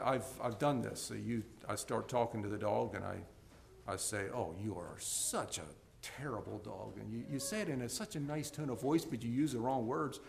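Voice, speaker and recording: A man delivers a sermon to his congregation, his voice gravelly. He alternates between loud, forceful peaks and quiet, gentle passages, frequently repeating words as he starts over.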